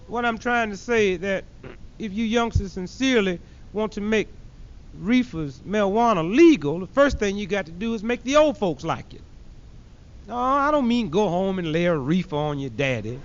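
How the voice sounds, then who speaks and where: A high-voiced man runs a punchy stand-up routine, mocking his targets and slipping into characters as he goes. The sound is dull and muffled, like a 1970s archive tape. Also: expressive, moderate pace. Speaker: comedian.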